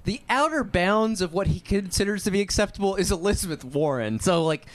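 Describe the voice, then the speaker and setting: A man's voice: high voice, lively intonation, a little fast. A man hosting and directing a comedic reading, talking in rambling, profane asides. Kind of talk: casual chat.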